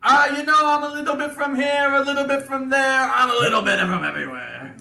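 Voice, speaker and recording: A man's voice: extremely high pitch, a little fast, gravelly, pushed and bright, roomy sound, pitched above the performer's own voice, full character voice. A man voicing a cheery lanky male dwarf with a hammy put-on Italian accent. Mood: playful. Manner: boisterous, exaggerated comic accent, laughing.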